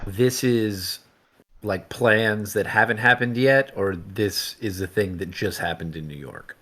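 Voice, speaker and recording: A man's voice: on the low side, a little slow, bright, forceful tone. A man playing in a tabletop game who talks hesitantly, restarting his sentences. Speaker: player. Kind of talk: casual tabletop game chat.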